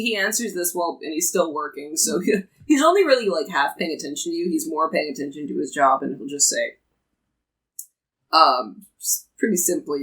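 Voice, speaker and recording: A game master narrating a tabletop game, describing a character with many pauses and restarts. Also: mid-range voice, creaky, a bit bright, low-quality recording. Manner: hesitant, many ums and restarts while describing.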